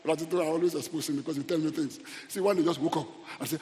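A middle-aged Nigerian man preaching a humorous, animated sermon, often repeating his words. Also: fairly high pitch, quick pace, hardly any pauses. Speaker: pastor. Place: church hall. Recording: long church reverb.

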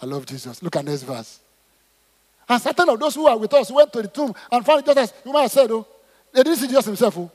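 Preacher guy, high husky voice bouncing all over, big echoey church hall. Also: fast talker. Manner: animated, swings between shouting and soft asides, calls for congregation responses. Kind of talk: sermon, reading and expounding scripture. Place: church auditorium. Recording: long hall reverb in church auditorium.

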